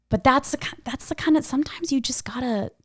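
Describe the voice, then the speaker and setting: A young adult woman co-hosting a podcast, telling a personal story in a frank, animated way. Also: high-pitched, breathy edge, no echo, clean studio sound. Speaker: podcast co-host.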